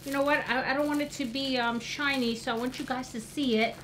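Gushing, excitable woman vlogger. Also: sits high, brisk, few pauses, background noise. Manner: gushing and excitable, with gasps and soft exclamations. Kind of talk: casual unboxing chat.

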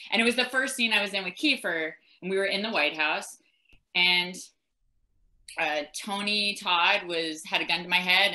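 A woman's voice: deep voice, bright, forceful tone, poor audio. A woman actor on a convention panel, telling a story with laughter and energy. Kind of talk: casual anecdote.

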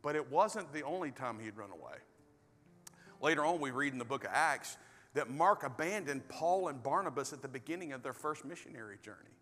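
A man preaching a sermon as pastor, animated, swinging between loud bursts and hushed storytelling. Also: medium pitch, fairly quick. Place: large church hall. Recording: reverberant hall with soft music.

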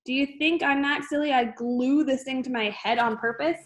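A woman reading aloud, voicing a vain, blustering middle-aged father who shouts indignantly. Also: high-pitched, moderate pace, close to an everyday voice.

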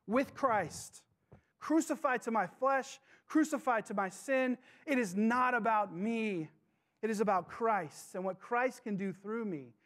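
A man preaching a sermon to his church, passionate, with dramatic pauses and questions to the congregation. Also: very high-pitched. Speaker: pastor.

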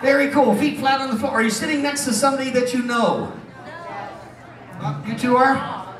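Brash stage hypnotist, man, high voice, roomy hall, crowd laughing throughout. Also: moderate pace, recorded from a distance. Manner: brash, teasing, loud crowd banter. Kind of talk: live stage comedy show. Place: casino showroom stage. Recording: roomy hall recorded from afar, audience. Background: audience laughing.

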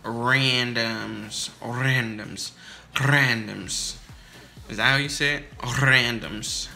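A man's voice: mid-range voice, steady tone, slow pace, vocal fry, pushed and bright, soft background music. A young man giving casual, heated commentary over his own basketball video game match, swearing and trash talking his teammates and opponents.

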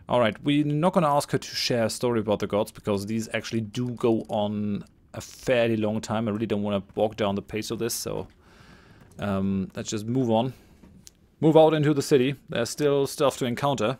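A man's voice: lowish voice, moderate pace, darkish tone. A man hosting a let's play, thinking aloud as he plays and reads game text aloud. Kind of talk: gameplay commentary.

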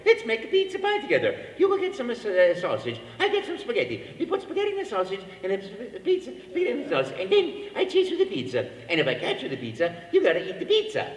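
A man putting on a high, bouncy voice for a cheerful cartoon Italian plumber who babbles excitedly about food. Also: fast, hardly any pauses, roomy sound, big-room sound, distant mic. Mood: gleeful.

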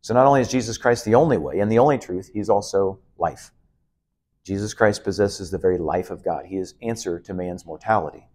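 A man's voice: deep voice, a little fast, a little mellow. A middle-aged man teaching a Bible lesson as a pastor, preaching emphatically with repeated, building phrases and the odd "uh". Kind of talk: expository sermon.

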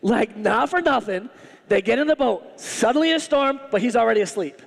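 A male pastor preaching a sermon in an animated, humorous, conversational way. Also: very high-pitched, normal speed, vocal fry, long reverb tail.

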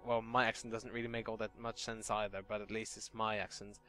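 A man's voice: lowish voice, little pitch movement, brisk, few pauses, sharp tone, faint music behind. A man giving sweary, sardonic, rambling commentary while playing a video game. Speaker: let's play host. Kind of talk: casual gameplay commentary.

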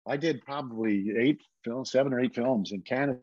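A man's voice: mid-range voice, fairly quick, darkish tone, dry recording, highs cut off. A man in his seventies, a guest actor telling anecdotes in a casual interview and slipping into put-on voices when quoting people. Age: 70s.

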